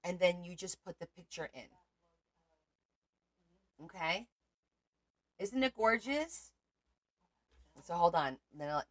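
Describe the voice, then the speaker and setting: A woman hosts a casual crafting livestream from home. She chats freely with her viewers as she shows her work, in a voice a touch low in pitch. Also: fairly bright tone.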